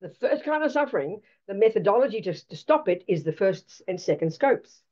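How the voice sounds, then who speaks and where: A woman gives a Buddhist teaching, her pitch swooping widely as she drives each point home. Her tone is mellow and dark, her manner blunt and emphatic, full of rhetorical questions. The recording sounds dull and lo-fi. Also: sing-song, fairly quick.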